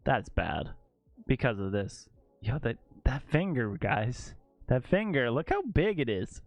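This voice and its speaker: Laid-back male streamer, jokes and laughs a lot, unhurried, close dry sound. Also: medium pitch, big pitch swings, creaky, dry recording, faint music behind. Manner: jokey, laughs often. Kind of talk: casual livestream chat while photo editing.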